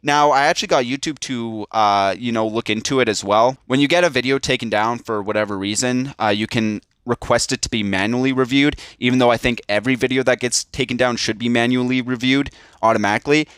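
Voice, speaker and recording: A young man ranting to his viewers in a casual, monotone and frustrated way. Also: mid-range voice, brisk, clean tone, dry recording, clean studio sound. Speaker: YouTube commentator. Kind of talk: casual rant to camera.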